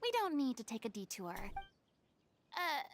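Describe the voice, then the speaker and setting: Grandiose former goddess, theatrical, showy, very high and lively voice, game dialogue. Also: female voice, unhurried, a little hiss or hum. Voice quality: dramatic and showy.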